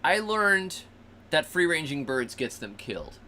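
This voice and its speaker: A man hosting a show, telling a story in a lively, swooping voice with a bright, forward edge. He breaks into funny character voices now and then. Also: fairly high pitch, measured pace, a little hiss or hum. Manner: animated, acts out animals and people in funny voices. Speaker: host. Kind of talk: casual storytelling.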